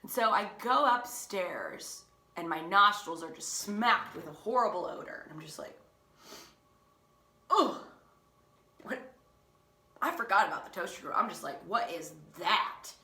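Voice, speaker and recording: Bright, chatty young woman teacher. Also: medium pitch, a little fast. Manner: animated, chatty, self-mocking. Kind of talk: casual storytelling. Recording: echoey room.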